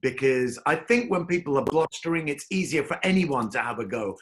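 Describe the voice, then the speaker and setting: A man's voice: mid-range voice, animated, a little fast, a bit bright. A man hosting a casual interview on a video call, with florid, theatrical phrasing. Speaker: host. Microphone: video call microphone.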